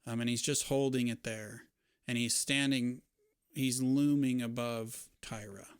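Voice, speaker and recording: Game master guy narrating a scene, smooth resonant voice, dry close sound, laid back. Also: mid-range voice, measured pace, no room sound. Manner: relaxed, descriptive, with casual fillers.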